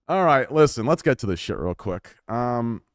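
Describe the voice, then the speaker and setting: Dude streamer ranting to chat, swears a ton, voice all over the place, dry close mic. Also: male voice, medium pitch, no echo. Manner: rambling, profane, self-mocking, jumps between topics. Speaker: live streamer. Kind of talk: casual live-stream rant to chat.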